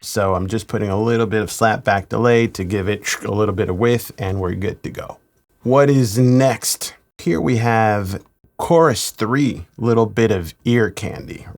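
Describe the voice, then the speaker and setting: Low-voiced male mix engineer explaining. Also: normal speed. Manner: relaxed, explanatory, chuckles now and then. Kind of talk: studio mixing tutorial.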